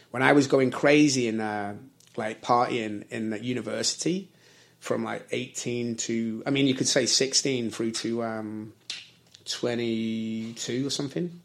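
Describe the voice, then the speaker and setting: A man's voice: mid-range voice, creaky. A man in his forties from Britain, chatting casually in a rambling way that corrects itself and is full of fillers. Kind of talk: casual chat.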